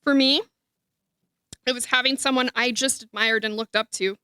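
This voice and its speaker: A woman gives a heartfelt memorial speech for her brother. Her voice sits high and sounds bright and forceful. She is tearful. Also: fairly even intonation, moderate pace, smooth, no room sound, clean studio sound. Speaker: eulogy speaker, sister. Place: memorial hall.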